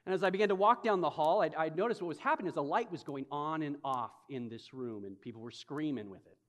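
A man preaching a sermon as pastor, telling stories dramatically with slow, emphatic phrases. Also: on the high side. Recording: long reverb of a large hall.

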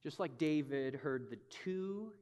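A man's voice: fairly high pitch, animated, a little mellow. Dramatic preacher man in a reverberant hall. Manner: dramatic storytelling with slow emphatic phrases. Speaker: pastor. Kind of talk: sermon. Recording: long reverb of a large hall.

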